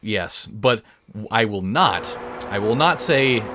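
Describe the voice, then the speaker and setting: Speaking slowly in a lowish, animated voice, a let's play host spins a crude, meandering joke of a story while he plays. Video game music and some background noise fill the clip.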